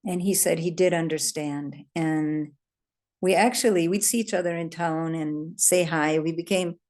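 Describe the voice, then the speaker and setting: A woman leads a workshop and tells personal stories in an earnest, conversational way. She laughs lightly between phrases, and her voice sits slightly low. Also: fairly even intonation, measured pace, a little mellow. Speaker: workshop leader. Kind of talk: storytelling workshop talk.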